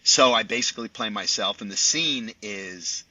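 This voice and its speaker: Bright-voiced older storyteller man. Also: lowish voice, moderate pace, no room sound. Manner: animated raconteur, chatty with many asides. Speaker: sportscaster guest. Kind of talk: podcast storytelling. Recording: dull dry lo-fi audio.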